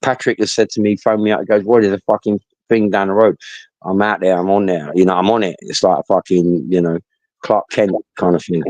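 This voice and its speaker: A man's voice: deep voice, fairly even intonation, a little fast, a little mellow, no room sound, low-quality recording. Blunt, sweary man. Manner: blunt, sweary, repeats himself. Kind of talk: casual storytelling.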